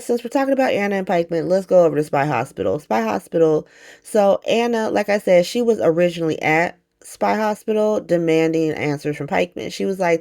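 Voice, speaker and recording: A woman's voice: fairly low pitch, vocal fry. A woman recapping a soap opera in a casual, profane, slangy monologue with lots of asides. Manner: profane, animated, slangy retelling with quick asides.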